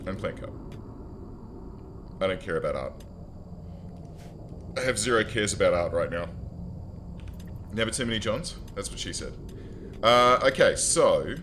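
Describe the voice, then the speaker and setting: A man's voice: on the low side, a bit bright, slight background noise. A man streaming a strategy game, chatting casually and joking as he talks to his viewers and to his in-game characters. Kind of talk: casual let's-play commentary.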